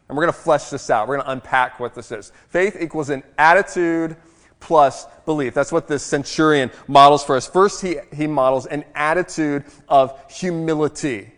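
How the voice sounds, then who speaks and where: A man preaching a sermon to a congregation in a conversational, animated way, with self-deprecating asides. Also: a little high, normal speed, long reverb tail. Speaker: pastor.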